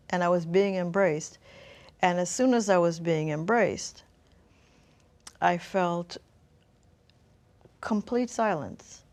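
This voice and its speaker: A woman's voice: lowish voice, darkish tone. A middle-aged woman telling her personal story as an interview guest, thoughtful and searching for words.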